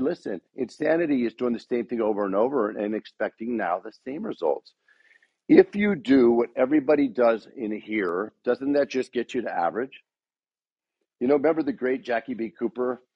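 Husky man rousing a room with questions. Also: mid-range voice, no echo, highs cut off. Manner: rousing, asks the room repeated rhetorical questions. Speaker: speaker addressing a dealership sales team. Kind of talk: motivational talk to a room.

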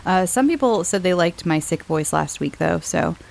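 Slightly hoarse woman, chatty podcast host. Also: lowish voice, expressive, moderate pace, a little mellow, low-quality recording. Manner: rambling, chatty, laughs often. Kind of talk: casual chat to listeners.

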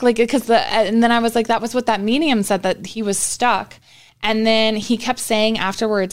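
A woman's voice: a little high, steady tone, normal speed, clear, resonant tone. A young woman co-hosting a podcast, telling a story in casual chat with lots of swearing. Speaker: podcast co-host.

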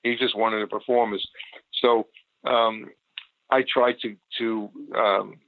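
A man's voice: on the low side, level tone, unhurried, dry recording. An older man, a photographer, recalling his past in a rambling, casual interview. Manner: rambling, with many restarts and fillers. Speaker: photographer guest. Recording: tinny phone line, dry.

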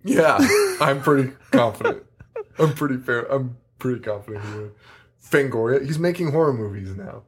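A man with a slightly husky, mid-range voice trades casual podcast banter. He rambles, swears freely and laughs often. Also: mid-range voice, very animated, normal speed. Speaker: podcast co-host. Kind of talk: casual chat.

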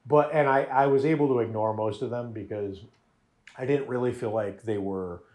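A man in casual podcast chat, talking about a TV show at a middle pitch. He is animated and restless, often restarting sentences and laughing. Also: moderate pace.

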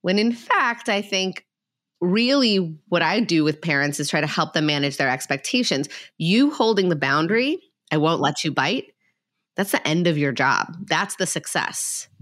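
A woman psychologist talking casually and practically as a guest, candid and quick in bursts. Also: lowish voice, a bit bright, no room sound, studio quality. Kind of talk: casual expert talk.

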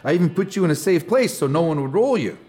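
An actor with a Canadian accent playing a joking, rambling unemployed drinking buddy in a stage play. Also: male voice, a little high, animated, fast, darkish tone, soft background music, lightly acted. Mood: wheedling. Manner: teasing, rambling storyteller.

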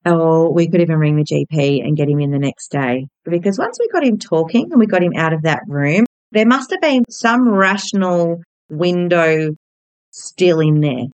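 Woman, 30s, podcast host; low-ish voice, candid and gentle storyteller, dry booth sound. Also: lively intonation, moderate pace, smooth, dry recording, rough recording.

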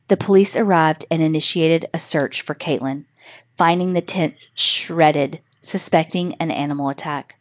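A woman narrating a scripted spooky story for children in a measured, suspenseful way. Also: deep voice.

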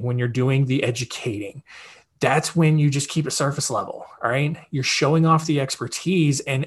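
Husky upbeat man giving casual advice. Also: mid-range voice. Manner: upbeat, conversational, frequent fillers and check-ins. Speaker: podcast host.

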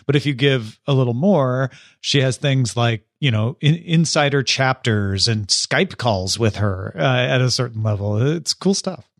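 Man, podcast co-host, casual chat, agreeable and easygoing, mid-pitched voice, dry close sound. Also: measured pace, few pauses, dry recording. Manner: easygoing, agreeable, many "yeah"s.

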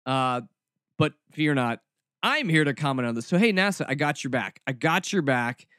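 A man's voice: medium pitch, expressive, moderate pace, bright, forceful tone, clear, resonant tone, no echo, studio quality. A man hosting a podcast, talking in a sarcastic, snarky and mock-dramatic way in casual commentary. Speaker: podcast host.

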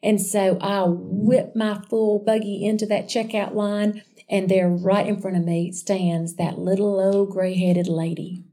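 A woman sharing a personal faith testimony in a chatty, animated storytelling way, calling her listeners y'all. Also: medium pitch, unhurried. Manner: chatty and animated, addressing listeners as y'all, with frequent restarts and asides.

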